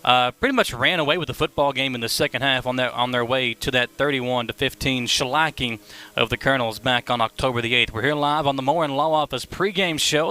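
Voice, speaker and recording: A man hosting a live high school football pregame show, with an energetic, brisk announcer delivery. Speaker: play-by-play broadcaster. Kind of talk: pregame sports broadcast.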